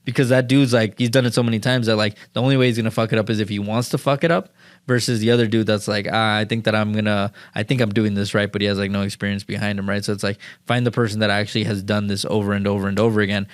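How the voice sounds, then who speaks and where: Fast-talking man, slangy podcast guest. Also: fairly low pitch, no room sound, studio quality. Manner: rambling and slangy, full of "like" and "dude"; animated storytelling. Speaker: podcast guest, marketing and sales speaker. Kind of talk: casual podcast conversation.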